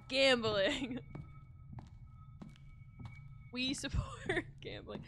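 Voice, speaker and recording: A woman streaming a horror game live, excitable and swearing, yelping when scared. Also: high-pitched, a little slow, long pauses, a little hiss or hum. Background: game music.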